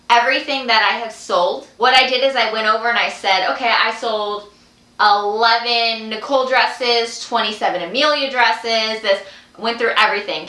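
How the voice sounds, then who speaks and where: Young woman vlogging, super bright voice, gushing, echoey room. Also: fairly high pitch. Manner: gushing, breathless excitement, repeats herself. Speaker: vlogger, clothing sales consultant. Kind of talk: excited direct-to-camera vlog.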